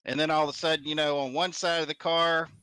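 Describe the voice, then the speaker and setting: Bright-voiced man in dry chat. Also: fairly high pitch, little pitch movement, fast, smooth, dry recording. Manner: chatty, rambling storyteller. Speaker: podcast co-host. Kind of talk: casual chat.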